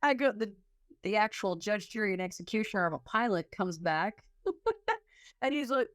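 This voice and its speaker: Laughing, animated woman podcast host. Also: medium pitch, normal speed, no echo, studio quality. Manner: animated storyteller who laughs often and acts out her own reactions. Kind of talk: casual chat.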